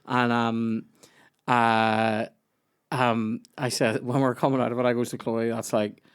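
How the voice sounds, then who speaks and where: A man hosting a comedy podcast, chatting casually and telling stories, swearing freely and dropping into quick impressions of people he meets. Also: medium pitch, little pitch movement, smooth. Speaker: podcast host.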